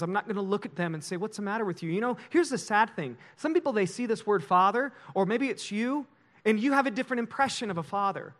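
Male pastor, high voice, animated storytelling sermon.

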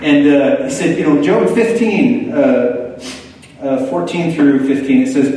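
A man preaching a sermon in a conversational way, turning lively when he quotes other people. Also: on the high side, a little slow, a little hiss or hum. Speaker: pastor. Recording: echoey hall, far from the mic.

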